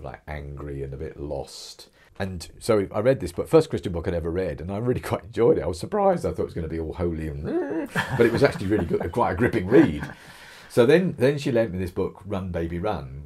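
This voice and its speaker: A middle-aged man with an English Kent accent tells his story as a podcast guest, acting out what others said. His voice sits very low and sounds husky. He restarts phrases as he talks. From England. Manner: animated storyteller, acts out quotes, frequent restarts. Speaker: interview guest, author. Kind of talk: conversational storytelling.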